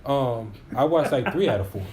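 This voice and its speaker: His voice is medium in pitch, a little mellow and animated, moving at a normal speed over a little hiss or hum. He's a podcast co-host in his twenties, casually arguing his opinions in a relaxed chat and restarting sentences as his points take shape.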